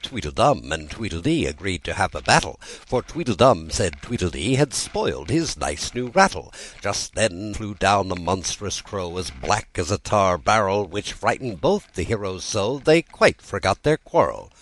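Deep male voice reading a storybook, very lively up and down, dry close sound. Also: normal speed, few pauses, no room sound, poor audio. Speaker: audiobook narrator. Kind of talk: storybook narration.

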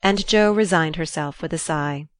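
Low, dry-voiced woman narrating a classic novel. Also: moderate pace, no room sound. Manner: expressive, lively dialogue delivery. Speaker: audiobook narrator. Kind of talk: scripted narration with character voices.

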